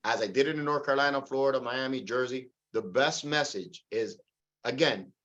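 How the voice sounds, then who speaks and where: Over a video call, a man runs a real estate sales meeting, naming team members one by one and urging them on with lots of energy. He speaks fairly quickly at medium pitch, and the recording is muffled.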